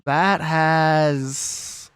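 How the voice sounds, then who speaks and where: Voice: mid-range voice, steady tone, very slow, fairly bright tone, a little hiss or hum. A live streamer chatting casually with their audience, ranting and swearing in a jokey, argumentative way. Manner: rambling, jokey.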